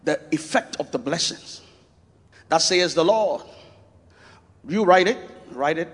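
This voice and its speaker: Man preaching, emphatic, high lively voice, long hall reverb. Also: a little slow, pauses often, slightly rough. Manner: emphatic, repetitive, shouts scripture. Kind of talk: sermon. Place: church.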